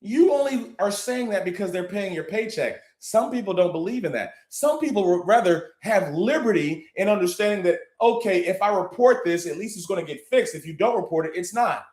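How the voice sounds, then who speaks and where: A man hosting a livestream, hyping the audience and preaching about business, swinging between loud and hushed. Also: sits high, animated, fairly quick, few pauses, roomy sound. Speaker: livestream host. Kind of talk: hyped livestream talk.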